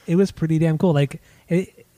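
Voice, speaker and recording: An easygoing man chats about his record finds, hesitating often and casually swearing. His voice is slightly high with a warm, mellow tone. The sound is close and dry. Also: steady tone, normal speed, no room sound. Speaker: podcast co-host.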